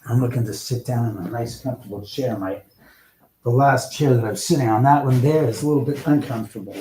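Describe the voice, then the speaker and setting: A man's voice: medium pitch, a little fast, mellow, slight background noise. A man hosting a casual livestream from his home, chatting with viewers, exclaiming and swearing freely. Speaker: livestream host. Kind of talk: casual live-stream chat, answering viewers.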